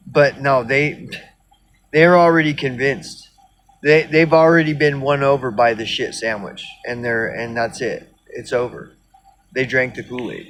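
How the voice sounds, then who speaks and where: A man's voice: medium pitch, measured pace, a bit bright. A man ranting casually on his video blog, rambling and sardonic with lots of swearing. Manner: rambling, profane, sardonic, many fillers. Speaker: video blogger. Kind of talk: casual rant.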